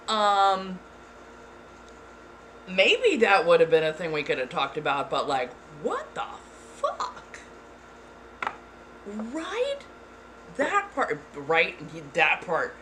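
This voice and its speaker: A woman hosting her channel, telling a story in casual chat, animated and swearing freely. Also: fairly low pitch, takes it slowly, pauses often, slight background noise. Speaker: ASMR channel host.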